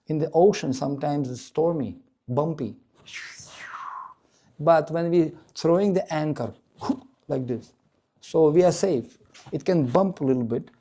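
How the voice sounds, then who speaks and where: Gravelly-voiced man giving a devotional lecture. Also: on the high side. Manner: animated, acts out the dialogue of the story; chants Sanskrit verses. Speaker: preacher.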